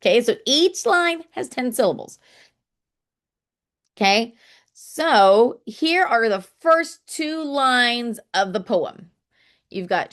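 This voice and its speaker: A woman's voice: fairly high pitch, lively intonation, slow, long pauses. A woman explaining poetry to children in a casual teaching manner, often checking in with "okay?" and tapping out rhythms aloud.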